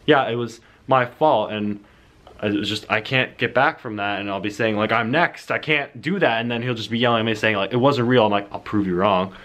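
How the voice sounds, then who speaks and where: A man's voice: on the low side, brisk, a bit bright. A young man casually rambling as he lays out his film plot, full of fillers and restarts. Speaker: vlogger pitching his film idea.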